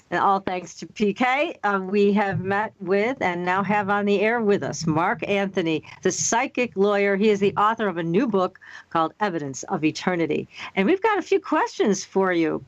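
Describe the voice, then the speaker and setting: A woman's voice: medium pitch, no echo. A woman hosting a radio talk show, reading promos and leading into the guest in an upbeat way. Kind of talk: radio host links and announcements. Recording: dull, dry lo-fi radio line.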